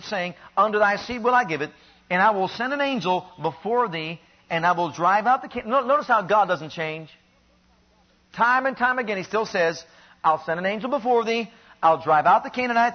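A high-pitched male preacher delivers a sermon with animated emphasis, pushing up to loud peaks and sinking to quiet, low lines. The recording is dull and lo-fi.

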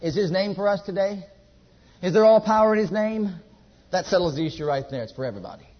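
A man preaching a sermon at a church service. He repeats his exhortations emphatically and drops to a hush. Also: sits high, brisk, dull audio.

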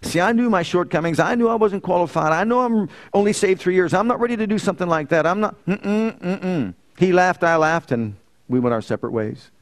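A man preaching a sermon as pastor, telling a story with swings from loud emphasis to quiet. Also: high voice, animated, fast, few pauses. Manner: storytelling preacher, rising loud and emphatic then dropping soft. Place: church.

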